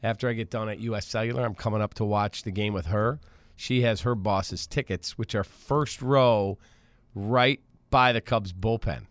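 A male sports radio host telling a story with lively ups and downs, acting out the people he quotes. His voice is close and dry in the studio, with no room sound. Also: fairly low pitch, moderate pace, no echo. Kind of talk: casual sports talk. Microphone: studio mic.

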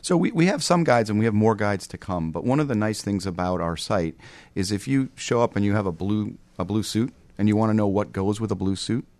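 A man speaking as a business guest in a radio interview, measured and businesslike, with frequent "um" fillers. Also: lowish voice, darkish tone, no room sound. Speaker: company executive, guest. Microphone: studio microphone with headset.

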